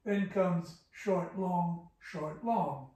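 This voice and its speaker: A man's voice: high-pitched, drawn-out words, dark tone. A man teaching a Persian poetry lesson, patiently breaking lines of verse into syllables and explaining the meter. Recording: echoey room from far off.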